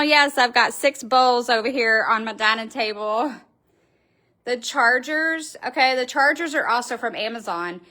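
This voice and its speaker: A woman's voice: on the high side, bright, forceful tone. A middle-aged woman, hosting a casual live stream from her wreath shop, gushing and chatty as she answers viewers.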